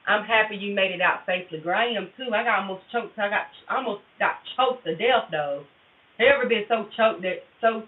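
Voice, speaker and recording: A woman with a mid-range, fairly quick voice and lively intonation livestreams a tarot session, chatting casually. She's candid, profane and confessional, speaking straight to her viewers. The audio is tinny and phone-like, roomy and distant.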